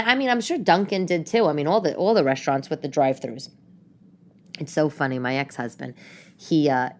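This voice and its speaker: A talkative New Yorker hosts a podcast from home, her slightly low but fairly bright voice meandering through stories. She trails off into quick asides and interrupts herself, chatting as if a friend were sitting in her living room.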